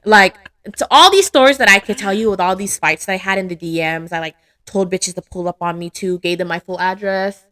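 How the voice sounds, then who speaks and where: Young female guest, bright voice, blunt and lively, casual swearing. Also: mid-range voice, a little fast, hardly any pauses, no room sound, studio quality. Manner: blunt, animated storyteller, swears freely. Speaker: podcast guest. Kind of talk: casual chat.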